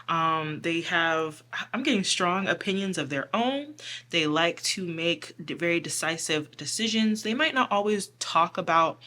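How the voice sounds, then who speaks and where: A woman's voice: fairly low pitch, sharp tone. A woman giving a casual pick-a-card tarot reading, chatty and giggly, full of filler "like"s. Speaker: tarot reader.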